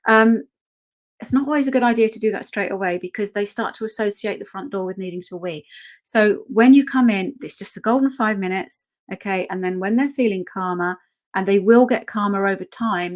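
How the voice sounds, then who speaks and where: Woman teaching dog training. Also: mid-range voice. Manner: conversational, checks in with "okay?" often. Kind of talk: online training workshop.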